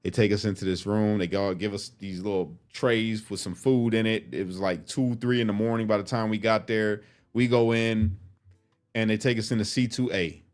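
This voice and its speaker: A man's voice: lowish voice, normal speed. A man telling a story from his life in casual, profane talk, acting out what people said. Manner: profane, animated, acts out quotes.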